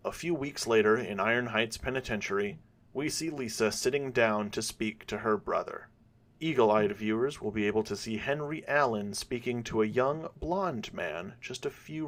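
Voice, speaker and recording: A man narrating a fan-made episode in a measured storytelling way. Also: fairly low pitch, fairly bright tone.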